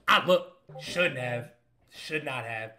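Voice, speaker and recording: A young man, a comedian, telling a story in a casual, animated and profane way, with punchy lines. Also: medium pitch, slow. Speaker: comedian host.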